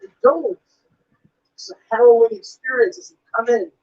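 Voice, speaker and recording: A male stand-up comedian performing a routine on stage, acting out voices of shouting officers. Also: very high-pitched, quick pace, lo-fi sound. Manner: animated, with loud acted-out officer voices.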